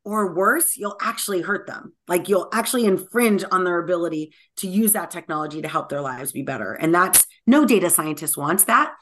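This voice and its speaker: A woman's voice: lowish voice, fairly quick, few pauses. A woman being interviewed as a tech guest, talking energetically with lots of filler words. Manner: energetic and talkative, many "like" fillers. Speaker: guest technologist. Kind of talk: conversational podcast interview.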